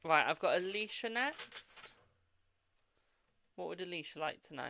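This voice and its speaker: Over a noisy background, a tarot reader keeps up relaxed live-stream chatter, full of "like" and pet names such as darling and Boo, with yawns throughout. The delivery is expressive and measured, with vocal fry.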